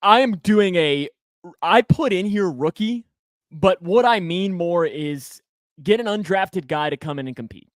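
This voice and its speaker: A man with a fairly high voice co-hosts a casual sports podcast. He is playful and animated, with his pitch leaping up when he makes a point. The recording is dry and close. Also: a little slow, no echo. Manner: animated, jokey, pitch jumps up when excited. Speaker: podcast co-host.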